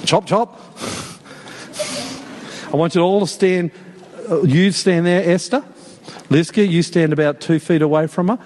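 A man preaches with a high, bright-pitched voice, joking and calling people up from the congregation. His words ring out with a long reverb through the church hall. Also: a little slow, long pauses, a little hiss or hum. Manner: lively, joking, calls out to the congregation. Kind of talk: sermon. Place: church worship service.

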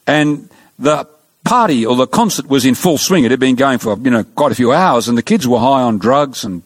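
A man preaching a sermon, telling stories and acting out dialogue, slowing down for emphasis. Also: medium pitch, dry recording. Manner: storytelling, animated, acts out dialogue; slows down for emphasis.

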